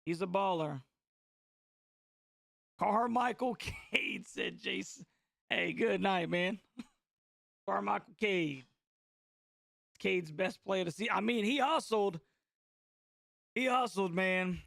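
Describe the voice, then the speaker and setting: A young man from North Carolina hosting a live basketball watch party, reacting to the game in a casual, excitable way and reading viewer comments aloud. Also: high voice, gravelly, no room sound, studio quality. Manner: excitable, slangy, chatty, reads chat aloud. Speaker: sports watch-party host.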